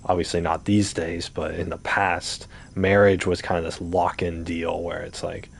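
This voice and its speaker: A man's voice: low voice, flat delivery, moderate pace, vocal fry, breathy edge. A man talking casually while playing a game, ranting with rhetorical questions and swearing. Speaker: gaming streamer. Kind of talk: casual rant while gaming.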